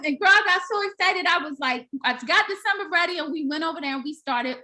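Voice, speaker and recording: A high-pitched young woman talks casually in an interview, telling her own stories with energy. She acts out the voices of friends with big jumps in pitch, and her delivery stays lively and chatty. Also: quick pace, hardly any pauses. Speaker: interviewer, daycare owner turned author.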